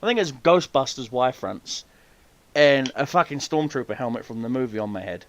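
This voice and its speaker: A man's voice: medium pitch, normal speed, slight background noise. Swearing man telling a story. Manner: swears freely, animated, acts out quoted voices. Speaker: podcast host. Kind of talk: casual storytelling chat.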